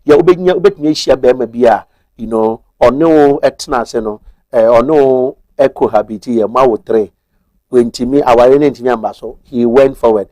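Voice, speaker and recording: A man's voice: mid-range voice, normal speed, a little mellow, no echo. Ghanaian male guest, methodical legal explainer, mid-range voice, dry studio sound. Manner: methodical, switches between Twi and English. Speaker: guest explaining marriage law. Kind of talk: explanatory TV talk-show discussion.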